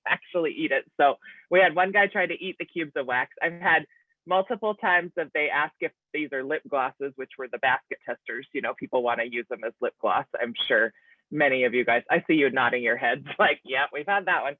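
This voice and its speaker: A woman's voice: extremely low pitch, brisk, no room sound. A woman on a group video call, telling stories in a chatty way and laughing as she goes. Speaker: panel guest. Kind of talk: casual chat on a video call. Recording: tinny, dry phone-like sound.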